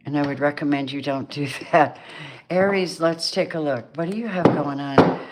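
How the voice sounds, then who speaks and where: A woman's voice: low voice, normal speed, heavy background noise. A middle-aged woman doing a casual, chatty tarot reading, laughing often and acting out the people she sees in the cards. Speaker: tarot reader.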